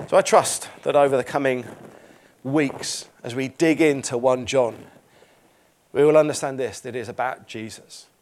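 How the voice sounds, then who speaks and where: A man's voice: mid-range voice, steady tone, normal speed, a little mellow. A man preaching a sermon in church, earnest and emphatic, repeating phrases and reading scripture aloud.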